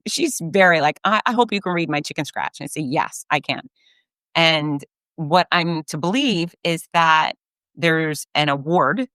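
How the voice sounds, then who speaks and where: A woman race announcer and podcast host telling a story in a casual, animated way, often laughing. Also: sits low, no echo.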